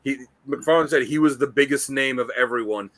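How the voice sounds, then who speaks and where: Bright, blunt man in casual chat. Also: medium pitch. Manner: blunt, mocking, talks in quick bursts. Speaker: co-host.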